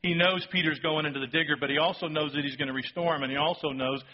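Animated man preaching a sermon, lo-fi. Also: fairly high pitch, fast. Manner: animated storytelling, acting out quotes, dropping to a hush for emphasis. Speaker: pastor.

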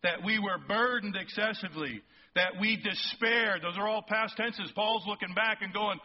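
A male pastor preaching a sermon, emphatic and rising toward near-shouts on key points, often checking in with the congregation. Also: high-pitched, moderate pace. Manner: asks the congregation frequent check-in questions. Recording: slightly muffled sermon recording.

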